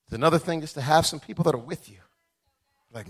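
A man preaching a sermon, moving between quiet conversational asides, chuckling stories and a rising, rhythmic preacher's cadence. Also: fairly high pitch, quick pace, slightly rough. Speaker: pastor.

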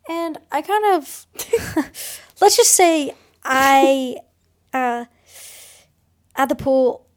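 A woman's voice: sits high, animated, very slow. A young woman co-hosting a podcast, telling a dramatic, gossipy story in casual chat and swearing freely. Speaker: podcast co-host.

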